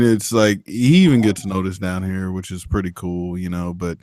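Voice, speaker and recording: A man with a somewhat low voice tells long, meandering stories in casual conversation. He swears freely and restarts his sentences often. The sound is dry and close, with no room around it. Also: fairly even intonation, moderate pace, dark tone, no room sound. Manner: rambling, profane storyteller. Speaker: motovlogger. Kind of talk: casual chat.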